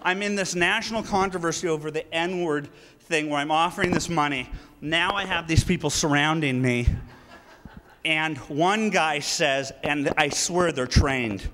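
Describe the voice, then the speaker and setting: A man giving a live speech at a political rally, telling a story in an emphatic, animated way. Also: a little high, measured pace. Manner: animated, emphatic, breaks into laughter, acts out quoted lines. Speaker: guest speaker at a political rally. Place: large event hall. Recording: reverberant hall with faint noise.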